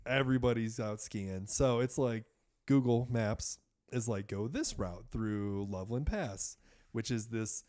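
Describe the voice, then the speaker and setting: A man who is a podcast guest, telling a story in a casual, animated way, full of fillers and swearing. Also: lowish voice, measured pace.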